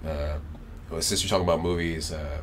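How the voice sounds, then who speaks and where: Very deep-voiced male interview host. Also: fairly even intonation, brisk, slight background noise. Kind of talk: casual interview chat.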